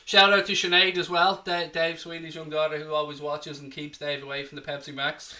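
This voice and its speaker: A man's voice: fairly high pitch, little pitch movement, a little fast, a crowd in the background. An Irish man hosting a live football watchalong, chatting cheekily and reading out viewer comments. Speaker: host.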